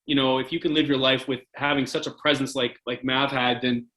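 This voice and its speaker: Brisk and pushed, with a bright tone, a medium-pitched voice that barely moves in pitch comes through poor audio. It belongs to a Canadian ex-hockey player in his forties telling casual, rambling stories as a podcast guest, restarting often and using many fillers.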